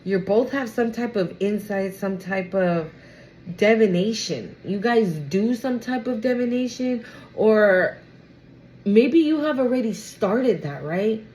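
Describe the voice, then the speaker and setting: A woman's voice: mid-range voice, expressive, slow, darkish tone. A young woman giving a casual tarot reading to her viewers, slangy and exclamatory, often close to tears. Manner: emotional, exclamatory, slangy, swings to near tears. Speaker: tarot reader.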